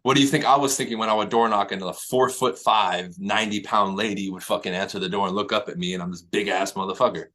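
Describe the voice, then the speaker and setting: A man coaching real estate agents in a high-energy motivational talk, swearing freely and pushing hard on every point. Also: fairly even intonation, fast talker, few pauses, fairly bright tone. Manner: profane, high-energy, emphatic.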